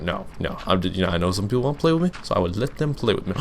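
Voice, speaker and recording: A man's voice: sits low, expressive, fast talker, slight background noise. Young man rambling through gaming Q and A. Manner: rambling, full of fillers and restarts. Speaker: gaming YouTuber. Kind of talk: casual Let's Play commentary with Q and A.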